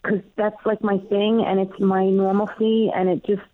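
A woman's voice: mid-range voice, moderate pace. A woman with a Queens accent, a comedian and show host, chatting animatedly in an interview from home. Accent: Queens, New York. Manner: chatty and animated, with frequent fillers. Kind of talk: casual interview chat. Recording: tinny phone-like line, dry.

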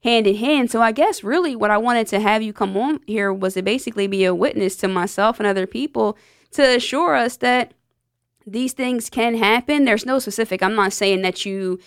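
A woman's voice: fairly high pitch, normal speed, clear, resonant tone, dry recording, clean studio sound. Candid woman hosting a podcast. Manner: candid, joking, talks through her feelings. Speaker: podcast host. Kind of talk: casual podcast chat. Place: studio.

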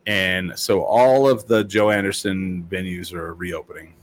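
A man's voice: low voice, fairly even intonation, measured pace. A man chatting casually, telling rambling stories full of fillers and acted-out quotes. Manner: rambling storyteller with many fillers and quoted voices. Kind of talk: casual chat.

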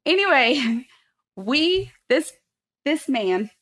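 A woman's voice: sits high, drawn-out words. A woman in her thirties telling a heated personal story in casual chat, swearing and acting out quotes. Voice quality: animated, swearing, acts out quotes loudly. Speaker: guest.

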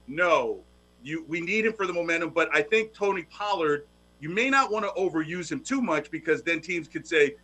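A man's voice: fairly high pitch, animated, normal speed, sharp tone. A man co-hosting a sports show, talking football with joking, wisecracking banter. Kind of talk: casual sports talk.

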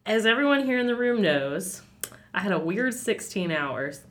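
A woman radio host telling a story in casual podcast chat, animated and quick to act out the people in it. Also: mid-range voice, slight background noise.

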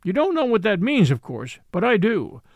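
A man voicing a large, gentle and nervous male elephant with a gurgly, rumbly voice, mild and thoughtful. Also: wildly swooping pitch, normal speed, creaky, dry recording, muffled recording, full character voice.

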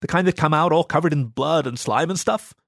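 A man's voice: on the high side, a little fast, creaky, no echo, studio quality, pitched above the performer's own voice. A man voicing a flustered, exasperated pregnant female canine who stammers and protests.

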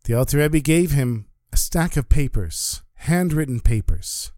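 A man telling a religious story in a vivid, animated way. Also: a little high, a little slow, no room sound, clean studio sound.

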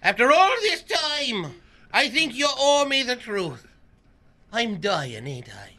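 An actor playing a feverish, gruff dying old Irishman in a comic radio skit, with a hammy put-on brogue that keeps cracking into laughter. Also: extremely high pitch, big pitch swings, slow pace, sharp tone, full character voice.

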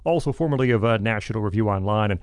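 A man's voice: lively intonation, fast talker, smooth, dry recording. Chatty guy hosting a podcast, voice jumps up and down a lot, dry close mic. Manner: upbeat and chatty, with ups and downs in his pitch. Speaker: podcast host. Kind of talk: podcast intro and casual chat.

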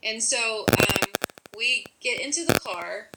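A woman telling a personal story in a frank, animated way, acting out her own thoughts as she goes. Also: on the high side, slow pace, very noisy. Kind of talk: casual storytelling.

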